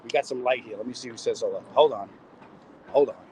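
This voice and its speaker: A man's voice: mid-range voice, fast talker, mellow, a little hiss or hum, low-quality recording. A middle-aged man, a comedian, chatting casually and cracking jokes while he walks city streets, talking into a phone and reading out viewer comments. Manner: rambling, wisecracking, reads out viewer comments. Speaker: comedian hosting a live stream. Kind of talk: casual chat while walking. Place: walking city streets outdoors.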